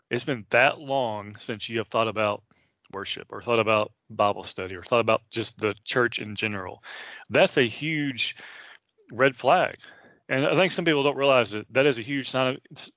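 A man in his late thirties teaches a Bible passage with a preacher's earnest, chatty delivery. His voice sits at a middle pitch, close and dry, on a slightly dull lo-fi recording. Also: moderate pace, a bit bright, no room sound. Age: 30s. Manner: casual and earnest, many fillers and restarts.

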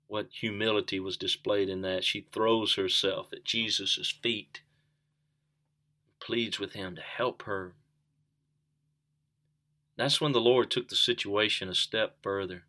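A man's voice: on the low side, fairly even intonation, slow, pauses often, sharp tone. A man preaching a sermon, earnest, asking the listeners questions and repeating key phrases for emphasis.

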